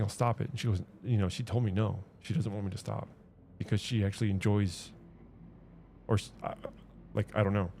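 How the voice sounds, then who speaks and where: A man's voice: lowish voice, vocal fry, mellow. A man streaming, telling a personal story in an earnest, rambling way with many restarts and repeated words. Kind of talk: casual livestream chat.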